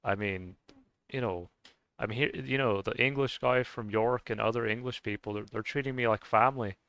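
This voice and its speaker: A man's voice: mid-range voice, normal speed, fairly bright tone, clean tone, no echo. A man ranting casually to his viewers in a rambling way, with many restarts and fillers and frequent swearing. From United States. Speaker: vlogger. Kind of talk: casual rant to camera.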